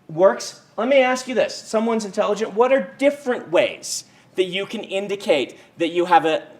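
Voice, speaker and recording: A man teaching a university writing class, casual and conversational, with frequent ums and restarts. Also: high-pitched. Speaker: writing instructor. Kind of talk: university lecture. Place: lecture hall.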